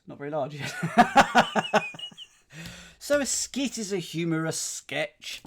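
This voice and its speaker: A man streams himself solving a crossword and muses aloud as he goes. His pitch rises and falls in a lively way. He often stops to question or correct himself and turns to his chat for help. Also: gravelly, a little hiss or hum. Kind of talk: thinking aloud while solving, chatting with live chat.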